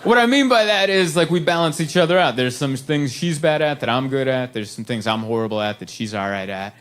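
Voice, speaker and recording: A man doing a stand-up comedy set with deadpan, self-deprecating storytelling, live in a comedy club. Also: mid-range voice, a little fast, a little hiss or hum.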